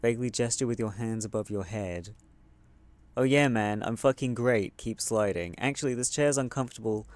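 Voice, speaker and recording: A man streaming a video game, chatting casually, joking and reading dialogue options aloud with sudden excited outbursts. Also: on the low side, normal speed, dry recording. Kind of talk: casual gameplay commentary.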